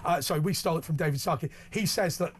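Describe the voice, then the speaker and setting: A man's voice: a little high, very fast, a crowd in the background. A man co-hosting a talk radio phone-in, assertive and cutting in to challenge callers. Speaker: radio co-host. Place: radio studio.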